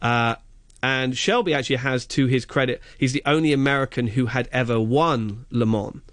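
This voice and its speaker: A man's voice: medium pitch, normal speed, a bit bright, no room sound, studio quality. A man chatting on radio as a film reviewer, enthusiastic and rambling, with many fillers and restarts. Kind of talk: casual radio chat.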